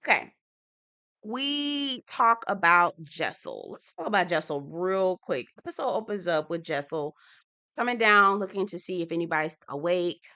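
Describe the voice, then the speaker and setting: Bright-voiced sassy woman recapping TV. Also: lowish voice, expressive, moderate pace. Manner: chatty, sassy, repeatedly asks viewers to comment. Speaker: TV recap YouTuber. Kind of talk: casual reality TV commentary.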